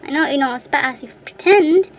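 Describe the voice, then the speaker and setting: A woman's voice: high-pitched, fairly quick, highs cut off, slight background noise, close to an everyday voice. A woman voicing a brave, polite little boy in a storybook reading. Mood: bold. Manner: polite and bold.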